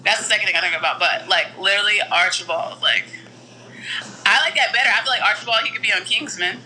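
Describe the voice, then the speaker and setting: A woman's voice: mid-range voice, quick pace, pushed and bright, a little hiss or hum, rough recording. A woman co-hosting a casual chat, blunt and joking, full of opinions.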